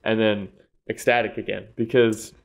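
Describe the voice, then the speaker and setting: Animated, laughing male podcast co-host. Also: on the low side, moderate pace, gravelly. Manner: animated storytelling, laughing and swearing often. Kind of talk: casual sports podcast chat.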